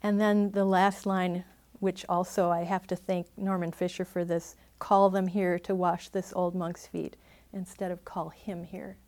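A woman's voice: on the low side, little pitch movement, measured pace, darkish tone. Thoughtful woman giving a dharma talk. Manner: thoughtful, hedging, laughs easily. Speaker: meditation teacher.

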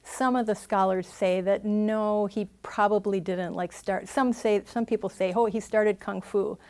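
Woman giving a relaxed dharma talk, thinks out loud, chuckles a lot. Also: mid-range voice, unhurried. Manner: thoughtful, hedging, laughs easily. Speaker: meditation teacher.

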